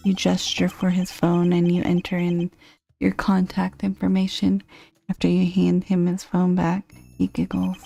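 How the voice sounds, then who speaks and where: A woman reading a dating game's text aloud, with dry, deadpan asides. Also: on the low side, moderate pace, vocal fry, soft background music.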